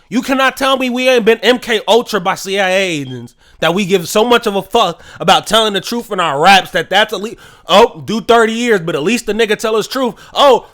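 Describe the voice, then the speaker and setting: A man's voice: very high-pitched, fairly bright tone. A man hosting his own podcast, ranting solo in a profane, incredulous commentary. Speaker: podcast host.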